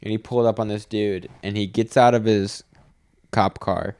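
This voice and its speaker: Man, lowish voice, casual podcast banter, animated storytelling. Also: moderate pace, clean tone. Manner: animated storyteller, acts out quotes. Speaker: podcast co-host. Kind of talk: casual chat.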